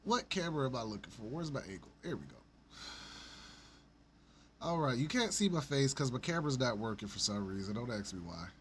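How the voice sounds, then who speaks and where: A man's voice: medium pitch, big pitch swings, fairly quick, a bit bright, slight background noise. A man hosting his own podcast, ranting in a profane, sarcastic and rambling way. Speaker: podcast host. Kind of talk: ranting solo commentary.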